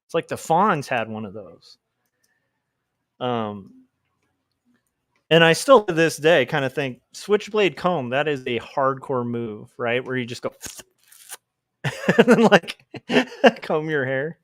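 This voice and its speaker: A man's voice: mid-range voice, animated, unhurried, long pauses, fairly bright tone, no room sound, clean studio sound. A man livestreaming while he draws comics, chatting casually and reading out chat messages, with rambling asides and chuckles.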